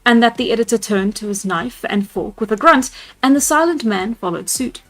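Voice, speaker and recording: A woman's voice: on the high side, lively intonation, normal speed. Woman reading a classic novel aloud. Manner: laughs at her own voice choices in asides. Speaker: storyteller streamer. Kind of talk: live read-aloud of a novel. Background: soft background music.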